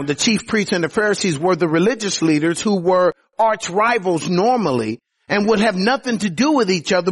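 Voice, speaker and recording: Husky, animated male preacher. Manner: lively preaching, rising to emphatic highs, many "oh" openers. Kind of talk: sermon.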